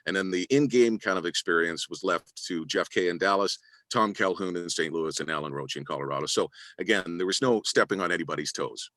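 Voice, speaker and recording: A middle-aged man with a very deep, forceful announcer's voice talks through his career as an interview guest. He sounds humble and thankful, often restarting his sentences. The recording is dry and close, with no room sound. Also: brisk, hardly any pauses, no echo. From Canada. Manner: humble, grateful, hesitant restarts. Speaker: arena announcer and voice-over actor. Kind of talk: interview guest, reflective storytelling.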